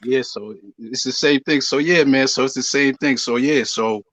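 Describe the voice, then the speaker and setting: A man's voice: medium pitch, normal speed, a bit bright, no echo, poor audio. A man speaking emphatically on a live podcast discussion, often checking whether listeners follow him. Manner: emphatic, keeps asking "you see what I'm saying". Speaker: show regular.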